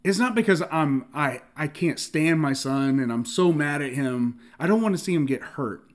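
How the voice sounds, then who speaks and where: A man preaches in a relaxed, conversational way, his voice sitting a touch higher than most men's. He is animated and laughs often, voicing the characters in the story as he goes, and he stumbles and restarts, leaning on filler words. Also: normal speed. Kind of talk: casual sermon.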